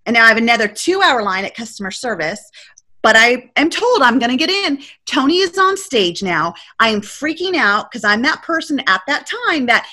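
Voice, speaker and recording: Bright-voiced woman telling a lively story. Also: fairly high pitch, moderate pace. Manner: animated, acts out her past self's panicked quotes. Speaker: podcast guest. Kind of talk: casual storytelling interview.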